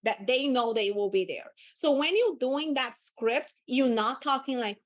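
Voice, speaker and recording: A woman's voice: high voice, expressive, a little slow. A woman leading a live sales training, assertive and commanding, repeating words for emphasis.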